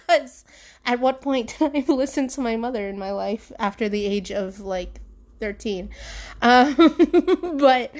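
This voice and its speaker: A young woman talks alone at home into her podcast mic, frank and confessional. She rambles and circles back, dropping fillers, and her voice sits a little high. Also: a bit bright. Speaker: podcast host. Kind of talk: candid solo podcast monologue.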